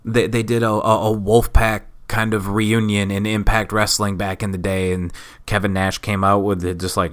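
A man's voice: fairly low pitch, flat delivery, moderate pace, fairly bright tone. A man in his thirties from Wisconsin, sick, hosting a casual solo podcast with rambling, self-mocking jokes. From Wisconsin, USA. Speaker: podcast host.

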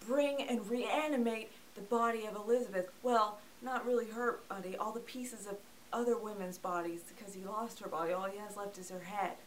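A woman's voice: mid-range voice, steady tone, moderate pace, slight background noise. Chatty woman joking through a movie review. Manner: chatty and joking, acts out characters. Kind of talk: casual comedic movie review.

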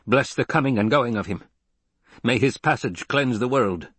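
Man voicing Kynes, a quiet solemn desert scholar. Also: mid-range voice, husky, dry recording. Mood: calm. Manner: measured, murmured, solemn. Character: calm, cool-headed male desert scholar, quiet and solemn.

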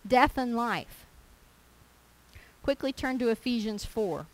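A woman preaching a sermon, earnest and emphatic, slowing down to stress scripture. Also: a little high, expressive, poor audio.

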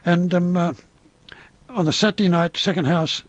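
The recording is dry and dull as an older Australian man, a veteran entertainer, recounts showbusiness tales for an interviewer. His high-sitting voice keeps fairly even intonation at a moderate pace, and he rambles, restarts with hesitation, and mimics the people he quotes.

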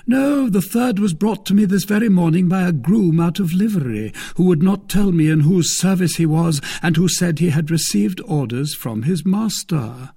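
Courtly musketeer poet read by a man, lively husky voice, formal. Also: high-pitched, moderate pace, few pauses, pitched above the performer's own voice, exaggerated voice. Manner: polished, formal speech. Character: elegant young male musketeer poet, courtly.

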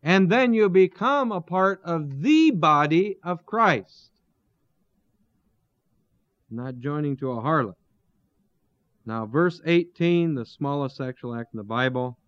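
A man teaching through a Bible passage verse by verse, pausing to explain terms and asking his listeners rhetorical questions. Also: a little high, lively intonation, a bit bright, no echo. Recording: dull, lo-fi dry recording.

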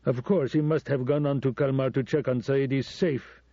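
A man's voice: medium pitch, fairly even intonation, normal speed, dark tone, dry recording, voice pushed up, close to an everyday voice. A man voicing a curt, impatient middle-aged male ambassador woken by a phone call, brusque and demanding. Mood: calculating.

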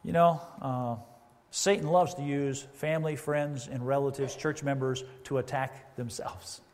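A man's voice: medium pitch, fairly even intonation, unhurried, a little mellow. A man preaching a sermon as pastor, conversational, with asides and quoted voices. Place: church sanctuary. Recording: reverberant church hall.

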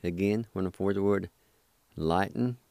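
A very deep, unhurried male voice, smooth and resonant. He drills words syllable by syllable with patient repetition. The recording is dry and close. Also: mellow, no room sound. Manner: patient, repeats syllables, apologetic corrections. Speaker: language teacher. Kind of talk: slow spelling and pronunciation drill.

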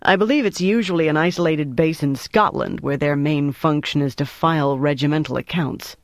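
A man reading an audiobook, voicing a composed officer who speaks in a cool, firm, measured way. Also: a little high, no echo, studio quality, lightly acted. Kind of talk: audiobook character voice.

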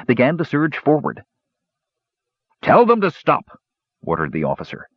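A man narrating a fantasy story in the first person in an expressive, theatrical way. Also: sits low, gravelly, slightly rough, no room sound, muffled recording. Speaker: audiobook narrator.

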